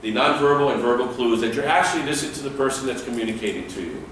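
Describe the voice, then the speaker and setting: A male security trainer gives a classroom training lecture at a racing pace in a medium-pitched voice, lively as he acts out short sample dialogues. The room is echoey, he's far from the mic, and there is slight background noise.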